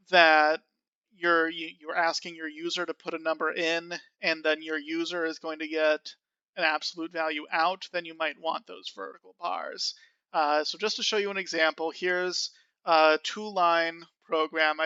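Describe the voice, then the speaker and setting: A man's voice: on the high side, vocal fry, pushed and bright, smooth, no room sound, muffled recording. A man giving a casual programming tutorial, chatty and self-amused, with frequent fillers. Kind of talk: screen-recorded coding tutorial.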